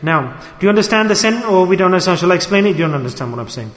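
High-voiced preacher in an echoing hall. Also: male voice, lively intonation, rapid-fire. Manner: emphatic, asks the listeners many rhetorical questions. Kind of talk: sermon. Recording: echoey hall with long reverb.

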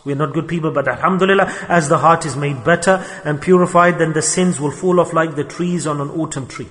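Guy preaching a sermon, pretty high voice, lots of hall reverb, gets worked up telling stories. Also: fairly quick. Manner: emotional, animated retelling with quoted voices. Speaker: Islamic preacher. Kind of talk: sermon with storytelling.

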